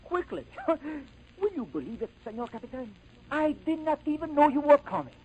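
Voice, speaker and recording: A man's voice: very high voice, very animated, normal speed, warm tone, slight background noise, rough recording. An actor playing a vain, pompous male Spanish island governor in 1930s radio acting, with a put-on Spanish accent and grandiose, fussy delivery. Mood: gracious. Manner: grandiose, fussy, self-important.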